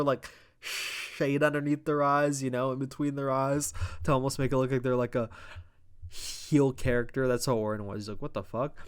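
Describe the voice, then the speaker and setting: Excitable, fast-talking man reviewing wrestling. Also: fairly high pitch, clear, resonant tone. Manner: breaks into loud exasperated outbursts. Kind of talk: casual recap and commentary.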